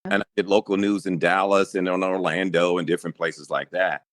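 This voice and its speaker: A middle-aged man with a very deep bass-baritone voice, telling stories easily in a casual interview. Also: fairly quick, no room sound, clean studio sound. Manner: relaxed storyteller, easy laughs. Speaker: radio news anchor.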